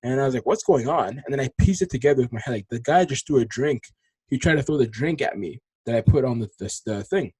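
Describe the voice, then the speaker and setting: A young man in his twenties hosting a solo podcast, telling a rambling story in casual slang, dropping to low mutters and then rising to loud, animated outbursts. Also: fast talker, husky, dry recording. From Congolese heritage. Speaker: podcast host.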